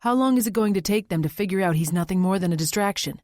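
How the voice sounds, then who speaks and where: A woman's voice: medium pitch, quick pace, a little mellow, no echo, clean studio sound, natural voice. A woman voicing a frustrated young father. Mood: tense, frustrated.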